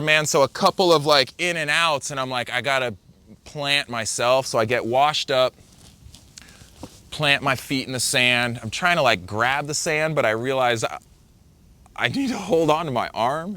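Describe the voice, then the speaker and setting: A man telling the story of a surfing wipeout in a casual, halting way, full of fillers and quoted thoughts. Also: mid-range voice, sharp tone. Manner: vivid, halting retelling with many fillers and self-quotes. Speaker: surfer recounting a wipeout.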